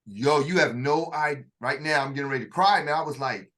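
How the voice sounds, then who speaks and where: A man casually telling a story in conversation, animated and full of slang, with vocal sound effects. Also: fairly high pitch, fairly quick. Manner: uses slang and restarts. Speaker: storyteller in a two-man dialogue.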